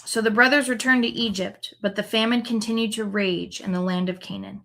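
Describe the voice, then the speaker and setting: A woman's voice: medium pitch, steady tone, brisk, creaky, fairly bright tone. A woman Bible teacher reading scripture aloud and adding chatty, reflective commentary, often checking in with "right?". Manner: conversational, tag questions like "right?".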